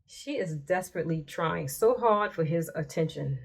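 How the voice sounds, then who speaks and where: A woman's voice: deep voice, animated, moderate pace, creaky, husky. A woman vlogger giving casual commentary with chatty, exasperated asides as she reads text messages aloud.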